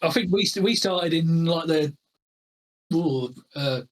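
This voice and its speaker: Male podcast guest, lively self-mocking raconteur, slightly high voice, laughs a lot, video-call audio. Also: takes it slowly, low-quality recording. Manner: animated, self-mocking storyteller who laughs often. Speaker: podcast guest, game store owner.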